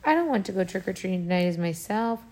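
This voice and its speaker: A woman's voice: mid-range voice, lively intonation, fast, darkish tone, natural voice. Fretful young male T-Rex, earnest, sulky, storybook dinosaur, a woman giving him voice, close to her everyday tone.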